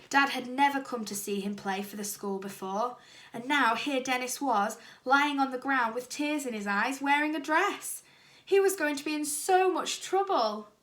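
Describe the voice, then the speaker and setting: A woman teacher reading a children's storybook aloud with lively, expressive storytelling. Her voice is fairly high and bright, with a clear forward tone. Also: normal speed. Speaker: primary school teacher.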